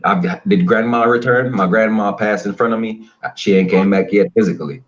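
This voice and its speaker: A Jamaican man chats as a guest on a radio show, hammering his points home with repetition. His voice sits on the low side. The line sounds dull and lo-fi, like a remote call. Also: a little fast. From Spanish Town, Jamaica. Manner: emphatic, repetitive preaching cadence. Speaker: guest musician. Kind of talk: casual radio interview.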